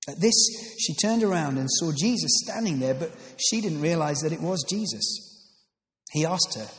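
A playful pastor with a high-pitched voice reads scripture and preaches with jokey asides. His voice rings around a church hall with long reverb. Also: lively intonation, moderate pace. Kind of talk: sermon with scripture reading.

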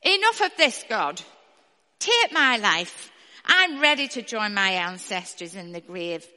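A woman voicing an exhausted, despairing male prophet who loudly pleads to die, read aloud in a hall with a long echo. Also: mid-range voice, sing-song, unhurried, full character voice. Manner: loud anguished pleading.

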